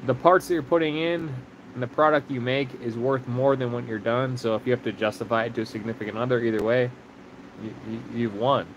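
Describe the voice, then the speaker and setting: A man's voice: medium pitch, steady tone, brisk, muffled recording, a little hiss or hum. A man in his mid-thirties co-hosting a livestream, joking around, swearing, and reading comments aloud. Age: mid-30s. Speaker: livestream co-host. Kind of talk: casual chat.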